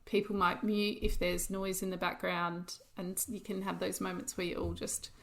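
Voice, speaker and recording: A woman's voice: on the low side, little pitch movement, moderate pace, vocal fry. A woman co-hosting a podcast, chatting casually and practically with frequent laughs. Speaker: podcast co-host. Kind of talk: casual chat.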